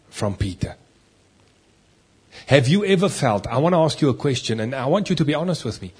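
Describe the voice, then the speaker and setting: A male pastor preaching a sermon, emphatic, swinging between loud declarations and hushed, low lines. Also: breathy edge.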